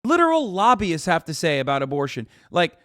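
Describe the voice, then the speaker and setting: A man hosts a live political stream, riffing on the news in sarcastic, profane rants. His voice sits fairly high for a man, and the sound is dry and close on a desk mic. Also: fairly quick, dry recording. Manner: sarcastic, profane, animated ranting. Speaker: political livestream host.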